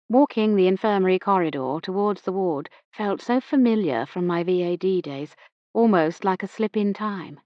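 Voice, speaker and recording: A woman narrating a mystery novel in the first person, in a measured, reflective way. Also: medium pitch, no echo, muffled recording. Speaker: audiobook narrator.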